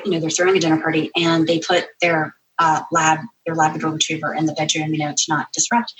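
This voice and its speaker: A woman guest on a podcast telling funny stories, animated and full of "like" and "you know.". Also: on the low side, far from the mic, rough recording. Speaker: guest, comedy author. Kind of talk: podcast interview, storytelling.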